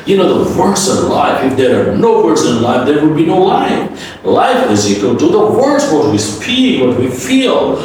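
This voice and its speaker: Man teaching pronunciation, repeats each word again and again, slow, sounds far off in an echoey room. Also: fairly high pitch, slight background noise. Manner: drills words by repeating them, animated and coaxing. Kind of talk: English pronunciation lesson.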